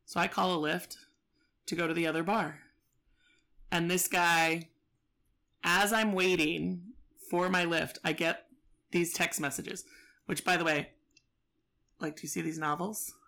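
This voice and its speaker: A woman's voice: fairly low pitch, steady tone, unhurried, pauses often, sharp tone. A woman telling a story in casual chat, profane and exasperated, acting out both sides.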